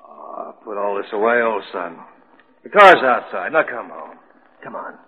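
A man plays a steady doctor coaxing a friend in a vintage radio drama, with a lively, varied delivery. The tinny old recording has a hall-like echo. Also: on the low side, unhurried. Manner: coaxing, pleading calmly. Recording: tinny band-limited old recording, echoey.

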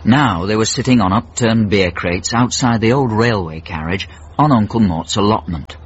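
A man narrates a radio drama in a dry, wry storytelling manner. His voice is low and husky, and the broadcast recording sounds slightly dull. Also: normal speed. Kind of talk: scripted narration.

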